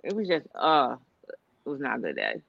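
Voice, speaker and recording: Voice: mid-range voice, huge pitch swings, normal speed, gravelly, crowd noise. A co-host making blunt, short remarks in casual chat, recorded with a dull, dry sound.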